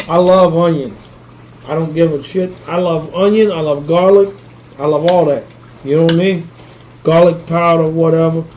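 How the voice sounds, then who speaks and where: High-voiced rambling man cooking. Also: steady tone, normal speed, darkish tone, slight background noise, low-quality recording. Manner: rambling, swears casually, keeps asking "you know what I mean"; talks straight to viewers while cooking. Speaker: cooking channel host. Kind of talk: casual cooking vlog.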